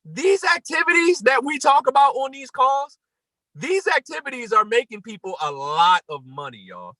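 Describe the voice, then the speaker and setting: Man, motivational talk, high bright voice, dry close sound, emphatic and repetitive. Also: very animated, moderate pace, no echo, poor audio. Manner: emphatic and repetitive, rising to near-shouts. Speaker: motivational speaker hosting a morning call.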